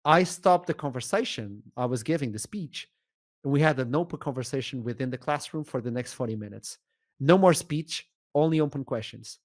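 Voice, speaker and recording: A man with a Portuguese accent, an esports shoutcaster telling a story as a podcast guest, animated and acting out the dialogue. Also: medium pitch, fairly quick. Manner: animated, acts out dialogue, laughs often.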